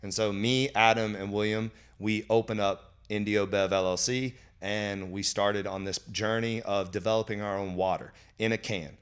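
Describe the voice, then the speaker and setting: A founder recounts his business journey in a relaxed interview chat. His voice sits low and sounds smooth and clean. He rambles, piling up fillers as he goes. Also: normal speed, few pauses. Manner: rambling, full of "like" and "you know" fillers. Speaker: beverage company founder telling his story. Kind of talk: casual conversational storytelling.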